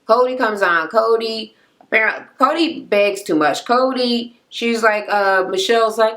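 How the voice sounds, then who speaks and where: A woman's voice: a little high, measured pace. A woman ranting in a casual recap of a reality show, blunt, profane and mocking. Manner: exasperated, animated.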